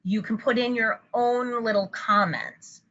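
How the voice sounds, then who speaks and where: A woman's voice: on the high side, steady tone, measured pace, fairly bright tone, highs cut off, slight background noise. A woman therapist giving a webinar lesson for parents, explaining and modeling upbeat praise phrases. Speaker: child anxiety therapist. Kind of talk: webinar presentation.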